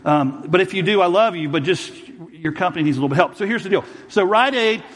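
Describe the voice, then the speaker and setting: A male pastor preaching a sermon in a church hall with a long reverb trailing after his words. His voice sits a little high for a man. He tells stories by acting out every side of the exchange. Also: rapid-fire. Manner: storytelling, acting out both sides of arguments.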